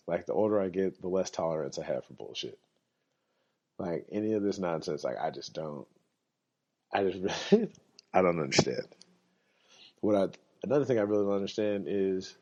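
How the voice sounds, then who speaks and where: A man's voice: low voice, mellow. A man hosting a podcast, telling rambling, profane stories in a casual monologue, sick and coughing, and laughing often. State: under the weather, coughing. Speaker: podcast host. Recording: dull lo-fi recording.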